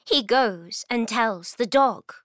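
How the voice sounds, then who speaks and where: Bright woman reading slowly. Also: fairly high pitch, expressive, no echo, clean studio sound. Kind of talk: reading a children's story aloud.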